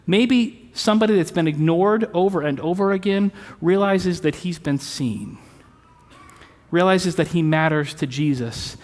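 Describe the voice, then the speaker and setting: Pastor, male, fairly high voice, easy conversational preaching, long sanctuary reverb. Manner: conversational preaching with rhetorical questions. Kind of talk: sermon. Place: church sanctuary.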